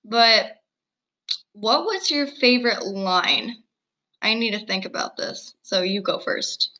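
Bright, giggly teenage girl. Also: mid-range voice, animated, takes it slowly, low-quality recording. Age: early teens. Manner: giggly, chatty, self-deprecating. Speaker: co-host. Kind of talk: casual video-call chat. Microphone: computer mic on video call.

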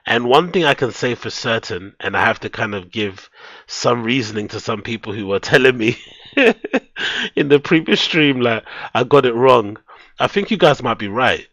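A man's voice: mid-range voice, animated, normal speed, a bit bright, no echo. A man chatting casually with his live-stream audience, laid-back and swearing freely, into a headset microphone. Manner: laid-back, swears a lot, talks straight to his chat. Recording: dull lo-fi headset mic.

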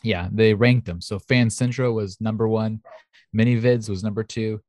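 A man's voice: lowish voice, fairly even intonation, moderate pace, a little mellow, dry recording. A man hosting a casual podcast, reading news stories in a jokey way, often laughing. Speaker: podcast host.

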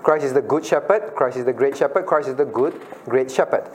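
A man's voice: mid-range voice, a little fast, a little hiss or hum. A man, a pastor, teaching a Bible study class. He questions listeners by name and repeats his key phrases.

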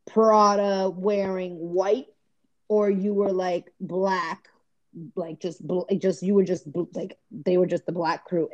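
A woman's voice: medium pitch, darkish tone. Woman podcast guest, from the US East Coast, rambling storyteller, dull lo-fi sound. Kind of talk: casual conversation. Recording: dull lo-fi audio.

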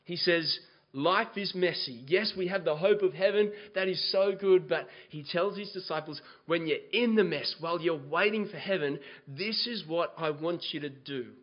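A man preaching a sermon, moving from quiet scripture reading to loud, impassioned exhortation. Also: on the high side, moderate pace, lo-fi sound. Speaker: pastor.

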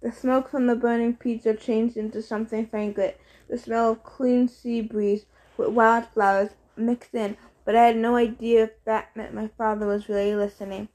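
A woman reading a chapter of a novel aloud in steady storytelling narration. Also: fairly high pitch, normal speed. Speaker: reader. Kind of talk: audiobook reading.

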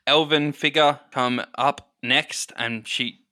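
Bright-voiced man narrating as game master. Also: medium pitch, fairly even intonation, no echo. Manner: measured narration with fillers.

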